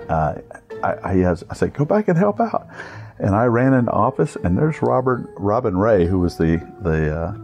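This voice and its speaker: Gravelly folksy male storyteller. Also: fairly low pitch, darkish tone. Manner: folksy, rambling, laughing at his own tale. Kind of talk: casual storytelling.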